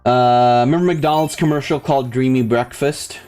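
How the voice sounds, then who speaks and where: A man's voice: medium pitch, steady tone, normal speed, darkish tone, clear, resonant tone, soft background music. A young man hosting a gaming video, ranting in a rambling, profane way full of fillers and restarts. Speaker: gaming channel host. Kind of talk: casual ranting commentary over gameplay.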